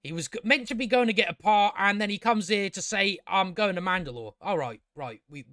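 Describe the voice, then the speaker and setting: Guy ranting thru a review, sarcastic, swears a lot, highish voice, dead dry audio. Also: lively intonation, a little fast, bright, forceful tone, no room sound. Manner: sarcastic, exasperated, rambling with restarts and swearing. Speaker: video reviewer. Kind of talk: casual spoken review.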